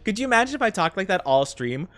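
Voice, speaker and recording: A man's voice: sits high, sing-song, quick pace, fairly bright tone, no echo, faint music behind. A young man streaming casually, chatting with viewers in a rambling way, with frequent laughs and fillers. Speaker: VTuber streamer. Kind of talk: casual live-stream chat.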